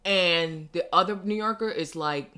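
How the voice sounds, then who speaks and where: A woman's voice: on the low side, moderate pace. A young woman with a New York accent, telling stories in a casual chat, cursing freely and with emphasis. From New York City. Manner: profane, emphatic, animated storyteller. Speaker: podcast host.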